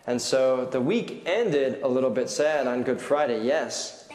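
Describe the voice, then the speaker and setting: A man leading a children's sermon in a church, playful and animated as he leads cheers and quizzes the kids. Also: mid-range voice, measured pace, heavy background noise. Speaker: pastor leading a children's message. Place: large church sanctuary. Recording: roomy church hall reverb.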